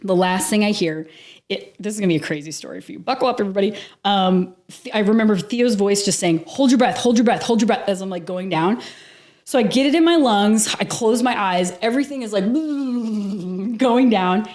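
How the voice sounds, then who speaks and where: Animated woman telling a vivid story. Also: mid-range voice, moderate pace. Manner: animated, vivid storytelling with frequent laughs and casual swearing. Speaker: podcast guest. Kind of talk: telling a personal story in a casual interview.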